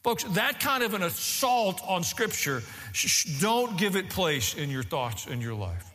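Animated male preacher in a reverberant hall. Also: measured pace. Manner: animated preaching, rising and falling in pitch. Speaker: pastor. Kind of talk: sermon.

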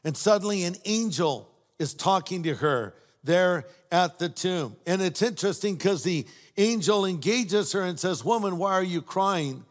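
Older pastor preaching in a reverberant hall. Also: male voice, sits high, lively intonation, a little slow, few pauses. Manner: warm storytelling with humorous asides. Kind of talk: sermon.

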